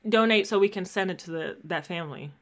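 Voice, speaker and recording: A woman co-hosting a podcast in casual chat, sarcastic and quick to laugh, reading emails aloud in a mocking tone. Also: on the low side. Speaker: podcast co-host.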